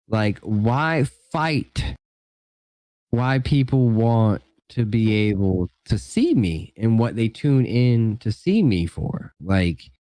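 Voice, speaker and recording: A man chats as a guest on a relaxed podcast, in a mid-pitched voice recorded dry and close. He rambles loosely and leans on filler words as he thinks aloud. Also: dry recording. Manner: rambling, heavy use of "like" and "you know". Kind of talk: casual podcast chat.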